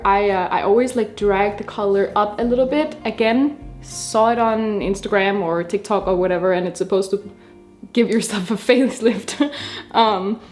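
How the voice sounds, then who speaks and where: A young woman from Denmark talks casually to camera while she does her makeup. She rambles from one thought to the next and laughs often, her voice sitting in an ordinary middle range. Soft music plays quietly underneath. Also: medium pitch. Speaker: beauty vlogger. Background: soft background music.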